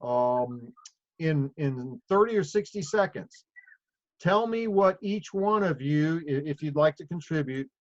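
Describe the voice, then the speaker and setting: This middle-aged man runs a sales group call, speaking unhurriedly with lively intonation in a fairly high voice. He rambles casually through anecdotes and leans on plenty of fillers. The phone or video call audio is muffled.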